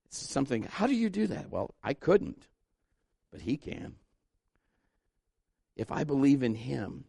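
A pastor gives a fervent sermon in a mellow, mid-range male voice with a gravelly edge, exhorting the congregation and building to emphatic peaks before leading an altar call prayer. The recording is close and dry, without room echo.

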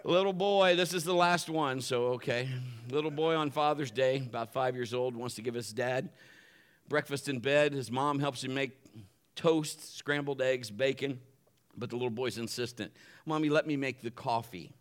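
A man's voice: mid-range voice, moderate pace. A man, a pastor, opening his sermon with jokes and laughing at his own punchlines. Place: church building.

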